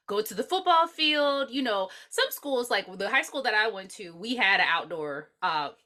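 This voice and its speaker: A middle-aged woman co-hosts a podcast and chats casually about a film. Her voice is bright and ringing. She talks in an animated, profane way, jumping into the characters' lines herself. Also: mid-range voice, normal speed. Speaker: podcast co-host. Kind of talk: casual movie review chat.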